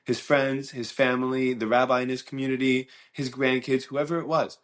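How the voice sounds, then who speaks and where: A man's voice: medium pitch, flat delivery, normal speed. A man hosting a solo podcast, talking earnestly and reflectively, searching for words with many restarts and fillers. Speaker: podcast host. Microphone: mic and camera.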